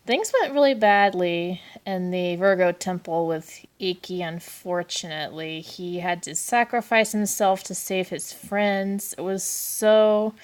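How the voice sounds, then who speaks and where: A woman's voice: on the low side, steady tone, unhurried, few pauses, smooth. A woman in a casual review vlog, chatting and gushing, with lots of fillers and giggles. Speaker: anime review vlogger.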